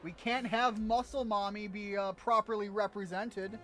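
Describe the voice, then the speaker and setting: American male streamer, fairly high voice, loose self-mocking commentary over soft game music. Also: steady tone, moderate pace. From United States. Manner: rambling, joking, self-mocking. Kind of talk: casual gameplay commentary.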